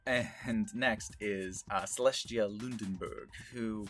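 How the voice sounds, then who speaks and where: Relaxed, chuckling lower-voiced man. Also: normal speed, soft background music. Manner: relaxed, self-deprecating, laughs often. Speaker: voice actor and streamer. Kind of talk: casual retrospective talk.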